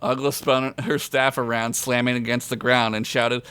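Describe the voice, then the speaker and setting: A man's voice: medium pitch, flat delivery, moderate pace, pushed and bright, clear, resonant tone, no room sound. A man reading his own comedic story aloud on a podcast, with crude, self-mocking asides and frequent laughter. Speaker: podcast co-host telling a story. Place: podcast recording.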